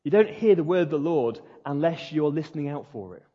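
High-voiced male preacher in a reverberant hall. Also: lively intonation, a little fast. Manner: earnest, emphatic storytelling preacher. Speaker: pastor. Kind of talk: sermon. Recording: dull lo-fi recording in a reverberant hall.

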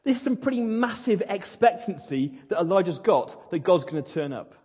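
A man's voice: high-pitched, sing-song, normal speed, darkish tone, husky. A male pastor preaching a sermon, retelling a story in an earnest, emphatic way. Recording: dull lo-fi recording in a reverberant hall.

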